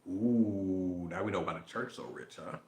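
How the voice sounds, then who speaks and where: A man's voice: sits low, a little slow, roomy sound. A man talking casually and profanely, reading definitions aloud and riffing between them. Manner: profane, animated, riffing between read passages. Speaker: podcast host.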